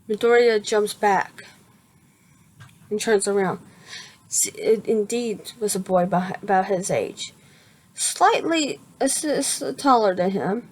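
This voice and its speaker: Halting woman telling a fan story. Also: mid-range voice, animated. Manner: halting, with many fillers and restarts. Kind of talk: improvised fan-fiction narration.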